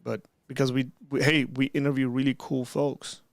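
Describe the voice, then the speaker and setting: A man hosting a casual chat, excitable and curious, laughing often. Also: medium pitch, moderate pace, dry recording, clean studio sound. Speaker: host.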